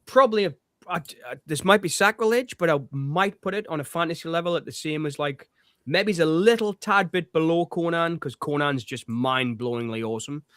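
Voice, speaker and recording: A man's voice: fairly high pitch, fairly quick, fairly bright tone, no room sound, clean studio sound. A man co-hosting a casual film chat, talking enthusiastically and rambling with frequent laughter. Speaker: co-host.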